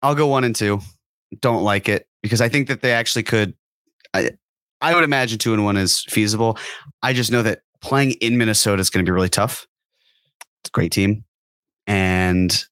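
A man's voice: lowish voice, fairly bright tone, no room sound. A man co-hosting a sports podcast, talking in an easygoing, casual way. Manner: easygoing, laughs often. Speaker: podcast co-host.

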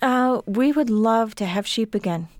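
A woman's voice: on the high side, no echo. A middle-aged woman, a farmer and author, speaking emphatically as a guest in a radio interview. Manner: emphatic, intense, pauses and restarts when emotional.

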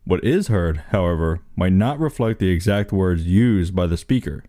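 A man's voice: sits low, lively intonation, moderate pace, mellow, no room sound, studio quality. A man co-hosting a casual chat, reading a text aloud and riffing on it, often breaking into laughter. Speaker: co-host reading an entry aloud.

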